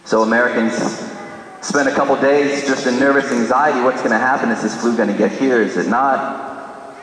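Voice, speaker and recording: A man's voice: medium pitch, steady tone, moderate pace, a bit bright, slight background noise. A man preaching a sermon, telling a dramatic story and acting out the dialogue. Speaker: priest. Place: large church. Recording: echoey church from a distance.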